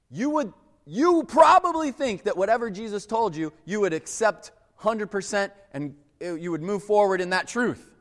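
Male pastor, slightly high voice, casual sermon delivery, long church-hall reverb. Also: lively intonation, normal speed, fairly bright tone. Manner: conversational, acts out quoted voices.

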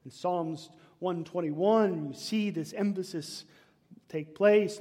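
A man preaching a sermon, emphatic, swinging between loud declaiming and hushed whispers. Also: high-pitched, takes it slowly. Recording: long reverb of a large hall.

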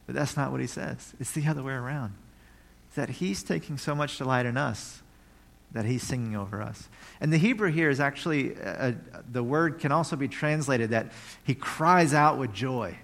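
A man preaching a sermon at a middle pitch, talking in an easy, conversational way. He reads scripture aloud and now and then breaks out in a loud, happy cry. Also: normal speed, vocal fry. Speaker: pastor.

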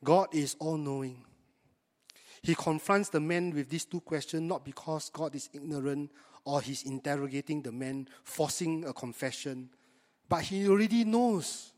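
A man's voice: a little high, a little mellow, long reverb tail. A man, preaching a sermon to his congregation in a conversational way and often asking them rhetorical questions. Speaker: pastor.

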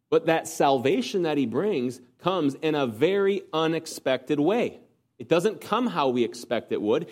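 Man, preacher, sermon, earnest, rhetorical questions, emphatic swells, quiet drops. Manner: earnest, rising to emphatic peaks and dropping low; asks the congregation rhetorical questions.

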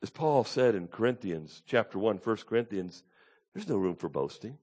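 A preacher with big dynamic swings. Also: male voice, big pitch swings, moderate pace. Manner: swings from loud emphatic peaks to hushed low asides. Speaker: pastor. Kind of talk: expository sermon.

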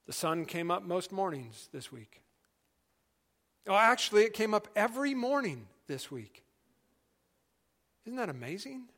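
A middle-aged male pastor preaching a sermon in an earnest, conversational way, dropping to quiet emphasis. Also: high-pitched, very animated, a little slow, long pauses.

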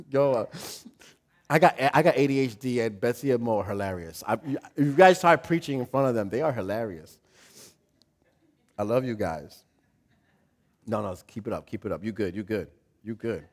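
A male pastor giving a casual, humorous sermon with dramatic swings between loud and soft. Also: mid-range voice, lively intonation, normal speed, pauses often.

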